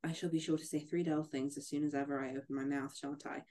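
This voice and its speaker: A podcast host reading aloud as an old spinster who chatters in a rushed, fretful, self-deprecating way. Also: medium pitch, flat delivery, dark tone, natural voice. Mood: flustered. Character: chattering old spinster Miss Bates, anxious to please.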